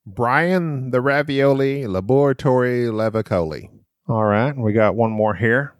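A man's voice: medium pitch, unhurried, no room sound, studio quality. A man co-hosting a podcast, playful and rambling in casual chat. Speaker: podcast co-host.

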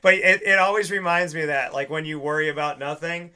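Bright, animated young man telling stories. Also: a little high, fast talker, clear, resonant tone. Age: young adult. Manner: rambling, animated storyteller who acts out quoted lines. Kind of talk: casual chat.

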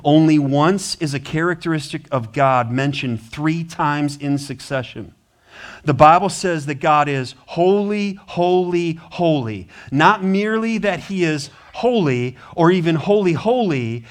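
Emphatic American pastor preaching. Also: male voice, a little slow. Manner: emphatic, repeats words for stress, swings from loud bursts to low hushed passages. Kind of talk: sermon.

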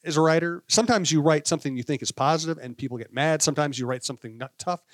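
A man from the Midwest, a sports writer guesting on a talk show, rattles through an old story very quickly. His voice is fairly high for a man, and the recording is dry and close. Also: no echo. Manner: fast, conversational recollection. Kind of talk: casual storytelling chat.

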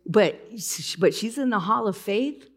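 A woman's voice: medium pitch, animated, measured pace. A woman preaching a conversational, heartfelt sermon in church, telling a personal story with strong emotion. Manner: conversational, emotional, breaks into tears while retelling.

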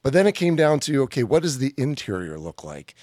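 A man guest on a casual podcast, telling stories in a lively way and acting out what others said. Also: medium pitch, a little fast, dry recording, clean studio sound. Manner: lively storyteller acting out quotes. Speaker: guest, director and author.

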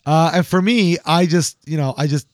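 Male podcast co-host, slightly high pitch, cursing storyteller, dry close mic. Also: normal speed, no room sound. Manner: profane, animated storyteller. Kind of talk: casual podcast chat.

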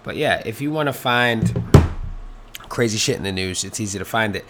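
A man's voice: on the low side, moderate pace, fairly bright tone, faint music behind. A man hosting a casual solo podcast, rambling and swearing freely, with many fillers and restarts. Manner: rambling, profane, lots of fillers. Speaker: podcast host.

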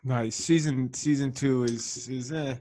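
A man's voice: mid-range voice, steady tone, measured pace, dark tone. A man chatting emphatically over a video call, swearing and repeating himself as he argues his point.

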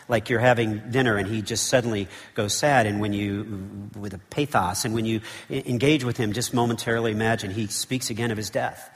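A man's voice: medium pitch, fairly bright tone, long reverb tail. A man preaching a sermon as pastor. He tells the story with animation, asks the congregation rhetorical questions and often checks in with "okay?". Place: church sanctuary.

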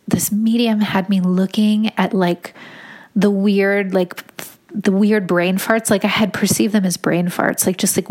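A young woman casually telling a personal story in a chatty, animated way, full of fillers. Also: medium pitch. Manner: chatty, filler-heavy, animated retelling with laughs.

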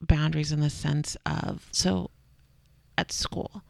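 Low creaky mom chatting. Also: female voice, level tone, slow, darkish tone, dry recording. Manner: chatty, laughs often, acts out quotes. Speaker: parent of a toddler. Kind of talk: casual chat.

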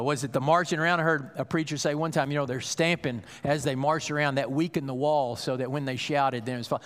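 A male pastor preaching a sermon, telling a story with acted-out dialogue and building to loud, emphatic peaks. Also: fairly high pitch, in a large hall.

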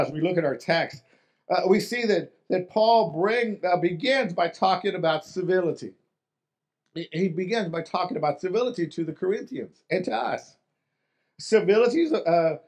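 A man preaching a sermon in an earnest way, often restarting phrases and asking the listeners rhetorical questions. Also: on the high side. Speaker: pastor.

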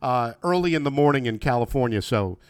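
A man's voice: medium pitch, expressive, fairly quick, clear, resonant tone, dry recording. A man hosting a podcast, talking casually and rambling with friendly fillers and restarts over a remote call. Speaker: podcast host. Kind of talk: casual interview. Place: home, remote video call.

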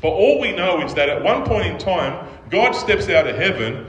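A man's voice: sits high, sing-song, normal speed. A man preaching a sermon as pastor, talking in a conversational way and often checking in with the audience. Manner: conversational preaching with frequent "right?" check-ins. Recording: echoey hall with faint ambience.

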